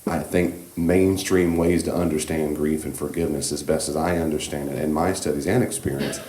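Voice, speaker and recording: A man teaching a church class on grief, speaking in a gentle, reassuring, conversational way with frequent asides, on a handheld microphone in a church meeting room. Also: a bass voice, steady tone, fairly quick. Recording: echoey room with faint background hiss.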